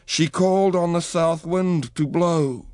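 A man's voice: a little high, slow pace, mellow, dry recording, studio quality. A man telling a legend aloud in a dramatic storybook reading. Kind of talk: storybook narration.

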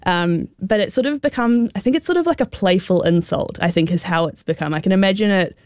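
A woman's voice: medium pitch, fairly quick, darkish tone, no room sound, clean studio sound. A woman with a New Zealand accent, a guest expert explaining slang in a radio interview, talking with many fillers like "sort of" and "um".

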